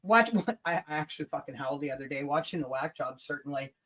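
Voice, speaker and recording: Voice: mid-range voice, lively intonation, fast, a crowd in the background, rough recording. A co-host on a casual livestream chat, trading crude, laughing banter.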